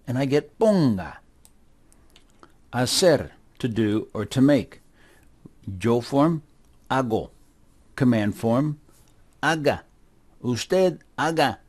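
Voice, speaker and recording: A middle-aged man teaching a kids' class at a very unhurried pace, with a voice of ordinary pitch. He drills words one by one and repeats each one patiently. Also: darkish tone. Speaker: Spanish teacher. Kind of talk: slow, deliberate classroom instruction for kids.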